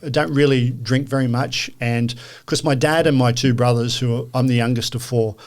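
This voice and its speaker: A man in his fifties telling a personal story as a guest in a casual chat, earnest and animated, with frequent restarts. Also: mid-range voice, normal speed. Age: 50s.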